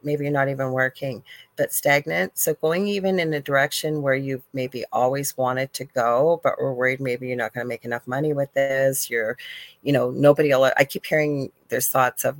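A woman's voice: extremely low pitch, fairly even intonation, moderate pace, dry recording, poor audio. A Canadian woman hosting a talk show and giving casual psychic readings, chatty and encouraging, with self-deprecating asides. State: briefly coughing. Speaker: psychic radio host.

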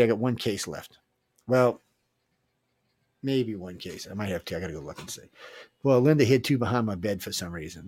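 A man's voice: fairly low pitch, darkish tone, husky, no echo. A man hosting a casual radio show, joking and rambling with filler restarts. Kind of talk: casual live radio chat.

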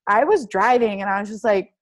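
Young female athlete guest, casual and lively storyteller, acts out quoted lines in her own voice. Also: mid-range voice, a little fast. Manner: animated, heavy use of "like", acts out quoted dialogue. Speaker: guest, professional soccer player.

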